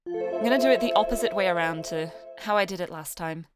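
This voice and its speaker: A woman's voice: fairly low pitch, quick pace, loud music behind the voice. A young British woman streaming a game, chatting with viewers and reading the story aloud. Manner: chatty, giggly, greets chat.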